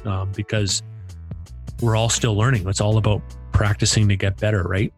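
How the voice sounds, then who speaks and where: A man co-hosting a podcast in relaxed, casual chat, agreeing often. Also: fairly low pitch, normal speed, faint music behind. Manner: relaxed, agreeable, lots of "yeah" and "that's right". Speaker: podcast co-host.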